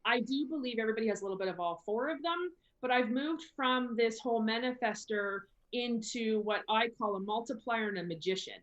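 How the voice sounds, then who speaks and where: A woman guest on a casual podcast, talking about money in a lively way and acting out her own thoughts. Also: on the high side, a little fast, hardly any pauses, highs cut off. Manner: lively, acts out her own inner talk. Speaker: guest business consultant.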